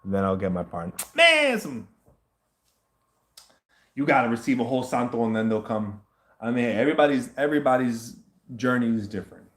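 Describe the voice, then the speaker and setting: A man chatting casually as the host of a livestream question session, rambling, animated and swearing often. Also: medium pitch, roomy sound. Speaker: host answering viewer questions.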